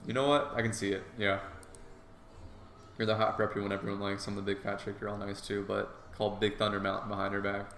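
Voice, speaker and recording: A man's voice: on the low side, level tone, fast, slight background noise. A man voicing a crude teasing teen guy. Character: brash crude teenage male animal. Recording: echoey room, soft guitar music.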